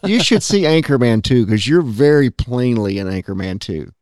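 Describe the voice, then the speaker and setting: A man hosting a casual interview podcast, friendly and quick to react with short laughs and remarks. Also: medium pitch, animated, a little mellow, no echo, studio quality. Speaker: podcast host.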